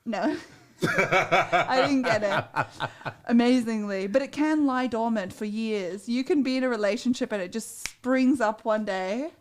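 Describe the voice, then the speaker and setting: A woman co-hosting a dating advice show, telling a story in a blunt, profane, animated way in casual chat. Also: on the high side, measured pace.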